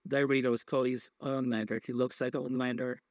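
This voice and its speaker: A man's voice: mid-range voice, little pitch movement, fast talker, dry recording. A man hosting a podcast, recapping wrestling in a casual, rambling way, swearing freely and filling gaps with many fillers and restarts. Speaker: podcast host.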